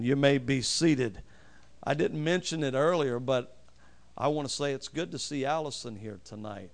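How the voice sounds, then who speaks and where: Over crowd noise, a medium-pitched male pastor delivers a sermon, reading scripture slowly and forcefully while drawing amens from the congregation.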